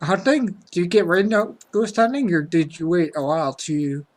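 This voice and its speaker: A woman with a lower voice co-hosts a relaxed podcast interview. She keeps to short reactions and brief questions for her guest. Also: normal speed. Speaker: podcast co-host. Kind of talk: casual interview chat.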